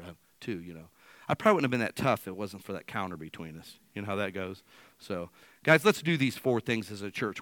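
Man, pastor, sermon, animated storytelling, very lively pitch, dry close sound. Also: fast talker, no room sound. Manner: animated storyteller acting out quoted dialogue. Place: church.

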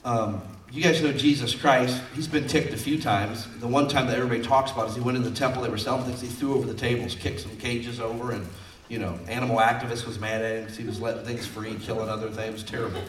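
A man's voice: mid-range voice, fairly even intonation, quick pace, far from the mic, slight background noise. A man preaching a folksy, conversational sermon in a church, mixing scripture with personal stories. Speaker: pastor. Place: church sanctuary. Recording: roomy sound from off mic.

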